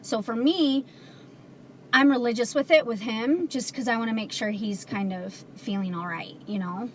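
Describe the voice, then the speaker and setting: A woman with a slightly high voice chats casually with viewers on a livestream. She speaks earnestly, with plenty of ums and likes. A faint hiss of noise sits behind her. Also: moderate pace. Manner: earnest, chatty, many fillers. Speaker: livestream host selling CBD.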